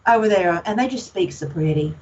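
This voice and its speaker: A woman's voice: medium pitch, lively intonation, brisk, a little mellow, muffled recording. A woman from Alabama with a Southern accent, talking as a guest in a casual chat, outspoken and folksy. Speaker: podcast guest, paranormal investigator.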